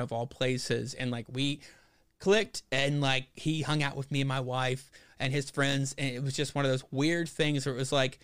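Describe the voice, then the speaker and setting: A man's voice: mid-range voice, smooth, no room sound, clean studio sound. A man chatting casually about a comic book on a podcast, rambling and profane, full of fillers. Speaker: podcast co-host.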